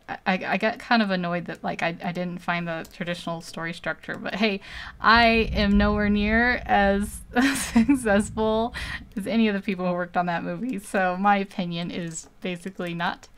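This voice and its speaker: A woman chatting loosely on a live stream as she draws. Her voice is smooth and clear, her talk rambling and easygoing, often broken up by little laughs. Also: medium pitch, a bit bright. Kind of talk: casual live-stream chat.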